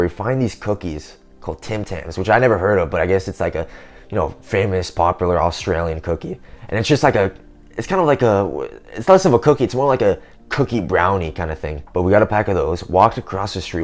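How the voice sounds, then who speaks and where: A man's voice: deep voice, fairly quick. A young man in a casual vlog monologue, rambling and slangy, filling his talk with "man" and "dude". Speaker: self-improvement vlogger.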